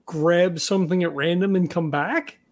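High-voiced man asking questions at a game. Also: fairly even intonation. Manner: questioning, halting. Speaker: player. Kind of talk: tabletop game chat.

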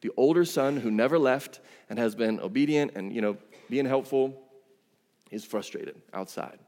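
A man preaches from the pulpit in a relaxed, conversational way, pressing hard on key phrases and slipping in casual asides. His voice sits in a middle pitch range. The sound rings with the long reverb of a church hall. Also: moderate pace. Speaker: pastor. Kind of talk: sermon. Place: church sanctuary.

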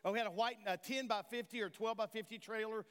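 A male pastor from delivers an impassioned sermon in a strikingly high voice. He keeps pulling the congregation in with questions. The sound rings out with a long church-hall reverb. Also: fairly even intonation, fast talker, fairly bright tone, smooth. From Tennessee, USA. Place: church sanctuary.

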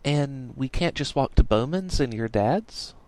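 A man voicing a blunt, dim young man who speaks in a flat, matter-of-fact way. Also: medium pitch, unhurried, dry recording, pitched above the performer's own voice, natural voice.

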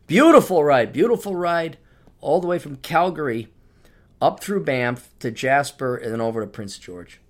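A middle-aged podcast host delivers a casual monologue of travel stories, rambling loosely and laughing along in an animated way. His voice is mid-range and his pace normal.

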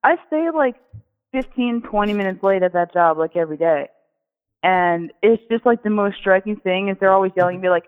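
A man's voice: high voice, animated, a little fast, clear, resonant tone, narrow, tinny audio. A young man venting casually to friends, rambling and self-deprecating. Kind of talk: casual chat.

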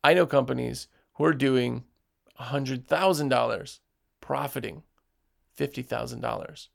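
A man's voice: medium pitch, measured pace, gravelly. A man who runs a window cleaning business, giving direct, emphatic advice to other business owners and acting out what customers say. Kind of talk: motivational business talk.

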